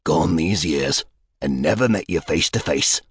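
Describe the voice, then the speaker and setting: Guy doing a crusty old british collector, husky smoker's warble, deep, swears a lot, audiobook. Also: unhurried, dry recording, full character voice. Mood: sizing up. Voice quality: husky tobacco-ravaged warble. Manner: blunt, profane, peppery. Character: gruff aging balding British collector, crude.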